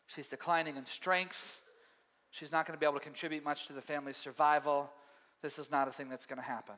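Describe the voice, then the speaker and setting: Animated high-voiced male pastor. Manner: conversational, animated, acts out quotes. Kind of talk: sermon. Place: church sanctuary. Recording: long hall reverb.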